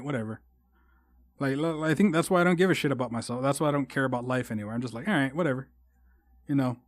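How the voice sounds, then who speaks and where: A man's voice: mid-range voice, no echo, studio quality. A young man hosting a solo podcast, rambling and swearing a lot with frequent restarts. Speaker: podcast host. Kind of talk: casual solo podcast monologue.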